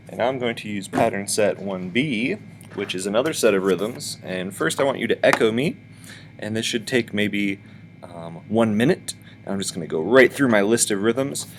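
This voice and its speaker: A lower-voiced man teaches a music lesson to schoolchildren over a webcam, chanting rhythms for them to echo back. His manner is patient and instructive. A faint hiss of background noise sits under the recording. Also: fairly bright tone. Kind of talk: virtual music lesson for children.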